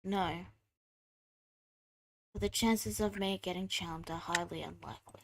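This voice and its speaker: A woman's voice: lowish voice, steady tone, measured pace, vocal fry. A woman playing a tabletop game in a curt, aloof manner. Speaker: player. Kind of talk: tabletop role-play.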